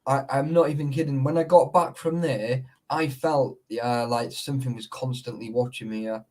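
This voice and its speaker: A man's voice: medium pitch, fairly even intonation, normal speed, a little mellow, rough recording. A man chatting casually on a live stream, telling rambling stories full of fillers. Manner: rambling storyteller, many fillers. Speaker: urban explorer host.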